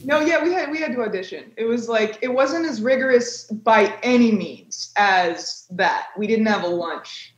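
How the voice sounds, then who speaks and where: A woman's voice: fairly high pitch, expressive, normal speed, few pauses. A woman, an actress guest, answering in a jokey, self-mocking way. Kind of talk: casual interview chat. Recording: roomy echo.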